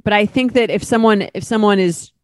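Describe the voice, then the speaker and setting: A woman's voice: mid-range voice, fairly quick, darkish tone, smooth, no echo. A woman co-hosting a podcast. She reads listener emails aloud and then chats about them casually. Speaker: podcast co-host. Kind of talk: casual chat, reading listener mail.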